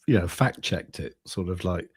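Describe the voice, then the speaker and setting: Husky low-voiced male co-host. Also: expressive, normal speed, no room sound. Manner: easygoing, joking, hesitant restarts. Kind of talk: casual live chat.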